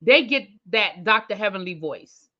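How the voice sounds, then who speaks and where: A woman's voice: medium pitch, lively intonation, moderate pace, lo-fi sound. A woman hosting a TV review channel, recapping an episode in casual chat, thinking aloud and talking straight to her viewers. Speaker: TV review host.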